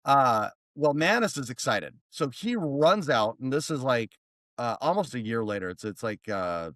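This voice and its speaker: An American man, a therapist, telling a story as a podcast guest in a rambling, animated way. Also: medium pitch, moderate pace, dry recording. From United States. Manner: rambling, animated, many restarts. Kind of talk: casual storytelling.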